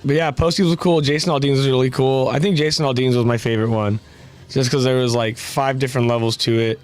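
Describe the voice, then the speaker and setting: A young adult man, a podcast co-host, chatting casually and telling a lively story, acting out the lines of the people in it. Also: mid-range voice, fast. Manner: animated storytelling, acts out quotes. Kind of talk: casual chat.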